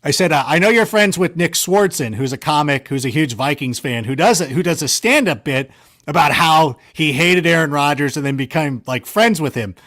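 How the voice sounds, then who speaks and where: A man being interviewed, casually rambling through stories in an animated, self-correcting way with a sarcastic streak. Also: fairly high pitch, normal speed. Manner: sarcastic banter. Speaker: guest. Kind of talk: casual storytelling.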